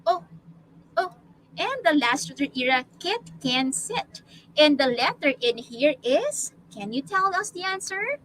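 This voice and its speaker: Slow, bright-voiced Filipino woman tutor. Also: sits high, very animated, a little hiss or hum, rough recording. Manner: slow, patient, drawn-out vowels. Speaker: online tutor. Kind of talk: classroom teaching.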